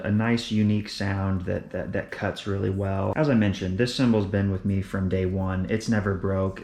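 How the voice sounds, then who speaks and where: A young man, a drummer, casually explaining his drum kit and cymbals, often repeating words as he goes. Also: low-pitched. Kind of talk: casual gear walkthrough. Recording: echoey room.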